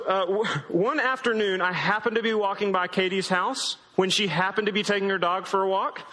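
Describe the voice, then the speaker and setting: A man's voice: sits high, pushed and bright, in a large hall. A man in his thirties preaching a sermon in a casual, joking storytelling way. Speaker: pastor.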